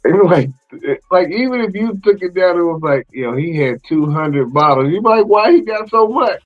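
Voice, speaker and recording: A man hosting a podcast in casual chat, animated and slangy, exclaiming and laughing often. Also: fairly high pitch, normal speed, lo-fi sound, soft background music. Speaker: podcast host.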